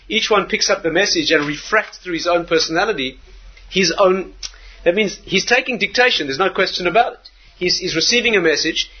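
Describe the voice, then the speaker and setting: A man's voice: high-pitched, slightly rough, highs cut off. A man teaching a class as a rabbi, explaining step by step with restarts and rhetorical questions. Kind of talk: lecture.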